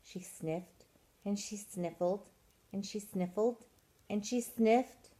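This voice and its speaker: A woman reading a children's picture book aloud at storytime, expressive and drawing out soft words. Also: mid-range voice, takes it slowly, rough recording. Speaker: storytime reader.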